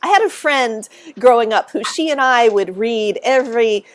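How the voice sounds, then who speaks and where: A middle-aged woman, a guest author, telling stories on a casual podcast, animated and laughing often as she restarts her sentences. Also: a little high, normal speed, slight background noise.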